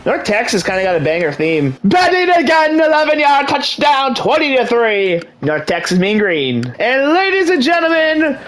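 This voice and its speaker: High-voiced, hyped young gaming host. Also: male voice, very animated, normal speed, few pauses, fairly bright tone, slight background noise, low-quality recording. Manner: hypes up the game like a sportscaster. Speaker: video game channel host. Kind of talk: hyped gameplay commentary.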